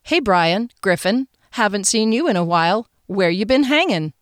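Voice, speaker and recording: A woman's voice: medium pitch, expressive, normal speed, no echo, clean studio sound, natural voice. A woman voicing a female flute teacher who talks casually and sounds puzzled.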